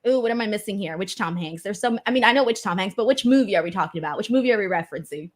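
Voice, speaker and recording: A woman's voice: mid-range voice, lively intonation, rapid-fire. A young adult woman hosting a casual chat show, laughing often and reading out viewer comments. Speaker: host.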